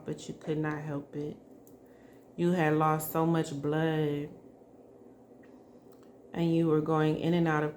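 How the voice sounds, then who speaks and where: A woman doing a psychic spirit reading, speaking softly and emotionally and addressing the spirit directly. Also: deep voice, slight background noise. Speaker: psychic reader.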